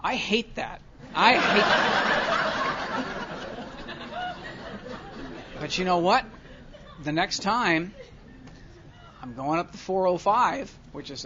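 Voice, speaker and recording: A man speaking at a recovery meeting, telling a self-mocking story to an audience and swinging from quiet asides to loud comic rants. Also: high voice, noisy background. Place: large convention hall with audience. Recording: dull lo-fi live hall recording, faint crowd.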